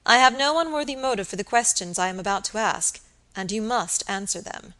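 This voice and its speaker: A woman's voice: on the high side, lively intonation, fast talker, bright, forceful tone, pitched above the performer's own voice. A woman reading an audiobook and voicing a grave, suspicious young male barrister who speaks with insistent earnestness.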